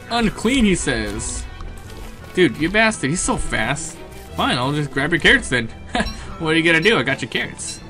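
Excitable man yelling over game music. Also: medium pitch. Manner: excitable, yelps and swears at enemies; chatty, thinks aloud about plans. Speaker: gaming commentator. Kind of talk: let's play commentary.

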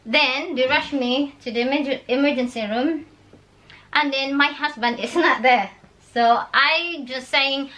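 A woman, telling a personal story in a casual, animated way with laughs and halting phrases. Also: fairly high pitch. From Philippines. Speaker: vlogger.

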